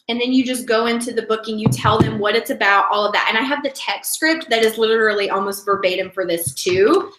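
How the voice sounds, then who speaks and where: A woman's voice: medium pitch, fairly quick, echoey room, noisy background. A woman team leader giving a casual training talk, chatty and rambling, often breaking off and restarting her sentences. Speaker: direct sales team leader.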